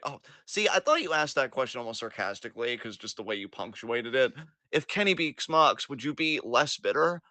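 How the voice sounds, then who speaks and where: A man co-hosting a casual wrestling podcast, animated, laughing often and swearing freely. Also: mid-range voice, no echo. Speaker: podcast co-host.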